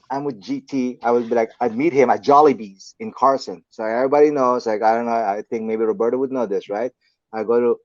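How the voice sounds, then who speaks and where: A man's voice: mid-range voice, dry recording. Man telling a story in a dry, dull recording. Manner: acts out quoted dialogue, animated. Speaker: podcast guest, martial arts teacher. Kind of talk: casual storytelling.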